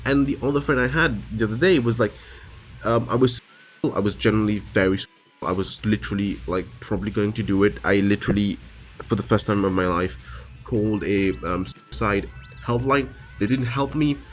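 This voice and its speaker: A vlogger with a lowish voice speaks at normal speed straight to camera, soft music playing behind him. In this personal confessional monologue he sounds emotionally raw and frustrated, his speech halting with many restarts and fillers.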